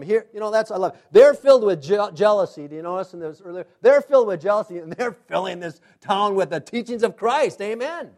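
A male pastor preaching a sermon with emphatic rhetorical questions, swinging between loud pushes and quiet asides. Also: sits high, expressive, fairly quick, few pauses.

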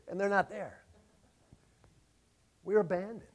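A middle-aged man preaching a sermon, swinging between loud, emphatic declarations and quiet, hushed storytelling. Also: fairly high pitch, moderate pace. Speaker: pastor.

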